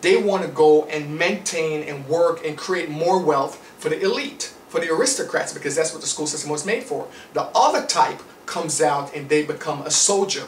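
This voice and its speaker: A man's voice: fairly high pitch, moderate pace, hardly any pauses, recorded from a distance, a little hiss or hum. A man with a Jamaican accent giving an emphatic, preachy motivational lecture, driving points home with rhetorical questions. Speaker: motivational speaker. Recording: roomy sound from away from the mic.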